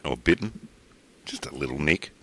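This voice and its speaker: A man's voice: very deep voice, lively intonation, moderate pace, bright, forceful tone. A man with an Australian accent hosting a podcast, joking and teasing his co-hosts in casual banter. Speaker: podcast host.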